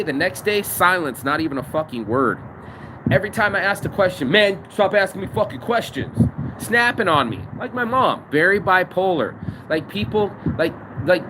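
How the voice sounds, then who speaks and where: A man with a slightly high voice rants and swears his way through stories, recording himself on a phone. The recording is outdoors in a city, with traffic and street noise clearly audible behind him. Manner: profane, venting, storytelling. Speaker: vlogger. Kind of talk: outdoor rant vlog.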